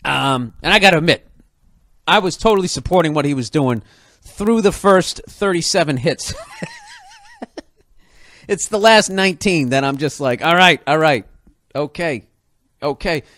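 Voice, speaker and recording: Man, high-pitched, comic rant, heavy swearing, mimics people in his story, dry close sound. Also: expressive, moderate pace, pauses often, a bit bright, dry recording.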